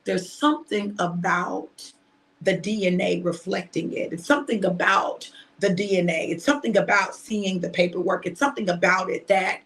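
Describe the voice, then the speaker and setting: A middle-aged woman, a preacher and host, preaches informally to her online audience, shouting emphatically at times before turning reflective and personal. Her medium-pitched voice holds a steady tone at a moderate pace.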